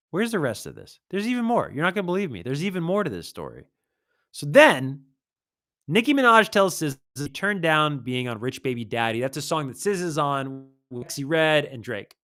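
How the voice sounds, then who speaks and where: A man's voice: fairly high pitch, fairly bright tone, no room sound, studio quality. A man hosting a casual music livestream, reading posts aloud and adding wry asides.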